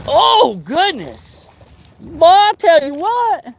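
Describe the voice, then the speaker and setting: A man hosting a live fishing stream, chatting casually and excitably, teasing friends and whooping. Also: very high-pitched, slow pace, vocal fry. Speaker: fishing livestream host.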